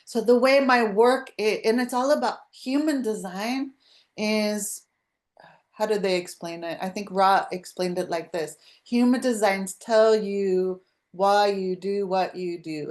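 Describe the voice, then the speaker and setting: A woman's voice: medium pitch, measured pace. A woman hosting a live spiritual podcast over a video call, talking casually in a rambling, chatty way with frequent restarts. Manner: rambling, chatty, self-interrupting with laughs. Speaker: podcast host.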